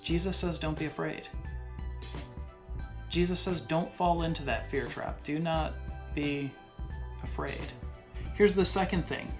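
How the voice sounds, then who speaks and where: A male podcast host giving a casual Bible teaching in a conversational way, slowing down to stress key phrases. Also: fairly high pitch, faint music behind.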